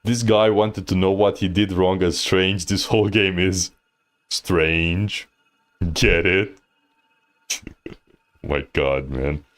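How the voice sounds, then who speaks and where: Faint music plays behind a Thai coach reviewing a player's match on a livestream in a relaxed, slangy, teasing style with frequent laughter. His voice is deep, and he speaks slowly with many pauses.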